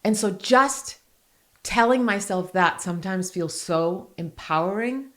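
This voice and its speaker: Woman in her 40s, podcast host, open and heartfelt, mid-pitched, laughs easily. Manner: earnest and open, quick laughs between heartfelt points. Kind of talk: candid podcast conversation.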